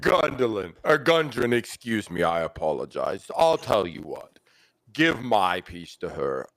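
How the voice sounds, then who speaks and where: A man's voice: on the low side, very animated, measured pace, a bit bright, no echo, poor audio. A man voicing a haughty, wealthy young lord who speaks pompously and brushes off talk of money. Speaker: tabletop player.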